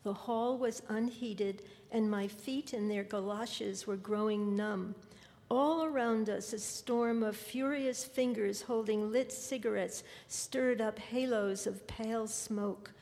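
A woman reading her literary fiction aloud in a measured, deliberate way. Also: fairly high pitch, fairly even intonation, darkish tone. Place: lecture hall. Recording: long hall reverb.

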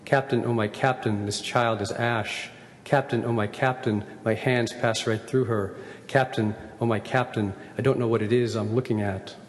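A man giving a measured, incantatory poetry reading. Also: mid-range voice, fairly even intonation, slight background noise. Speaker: poet reading his work. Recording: echoey hall.

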